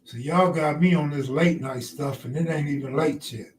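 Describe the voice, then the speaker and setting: A man's voice: fairly high pitch, moderate pace, roomy sound, distant mic, a little hiss or hum. A man hosting a casual live stream, joking loosely with his chat and laughing often. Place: outdoors near the ocean.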